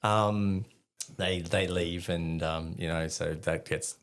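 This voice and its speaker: A gravelly, fairly low-voiced Australian man in his forties tells a story from his army days as a podcast guest. He talks casually, laughs often and jumps up high when he acts out other people's voices. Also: fairly even intonation, slow.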